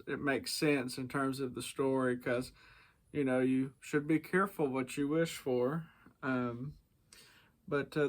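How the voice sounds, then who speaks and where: A man casually reviewing a book, hesitant with many fillers and chuckles. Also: mid-range voice.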